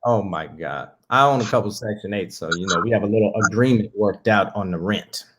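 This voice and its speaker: A man's voice: on the low side, a little fast, noisy background. A man on a video call, a comedian guest telling stories in casual comedic chat, profane and joking, slipping into put-on voices. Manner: animated storytelling with put-on voices.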